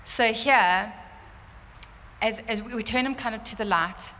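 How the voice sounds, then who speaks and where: A woman telling a church congregation a personal testimony, animated and fervent, laughing often. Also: fairly high pitch, measured pace, a little hiss or hum. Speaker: church speaker sharing a testimony. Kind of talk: sermon testimony. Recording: roomy church hall reverb, faint ambience.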